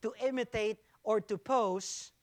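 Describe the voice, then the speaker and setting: A man's voice: high voice, steady tone, unhurried. A man preaching a sermon as pastor, stressing points by repeating phrases while the congregation answers him.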